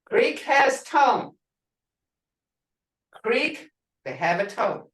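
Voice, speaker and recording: A middle-aged woman teaching a language class, saying each word slowly and repeating it for her learners. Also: a little high, big pitch swings, a bit bright, reverberant, far from the mic, poor audio.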